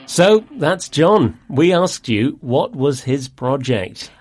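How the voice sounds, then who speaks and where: A man presenting an English lesson in a scripted dialogue, speaking in a clear, friendly and deliberate way. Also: a little high, very animated, darkish tone, faint music behind.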